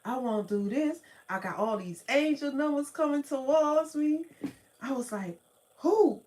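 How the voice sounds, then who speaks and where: A woman with a New Orleans accent telling her own story in casual, slangy talk, laughing often and jumping into excited quotes of herself. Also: high-pitched, moderate pace. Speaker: spiritual vlogger.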